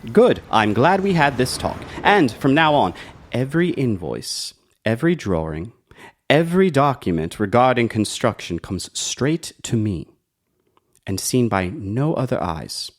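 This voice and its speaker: A man's voice: medium pitch, very animated, a little slow. An actor playing a coldly smug, scheming male foreman who is also a doctor, speaking in a silky, condescending, menacing way. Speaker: villain.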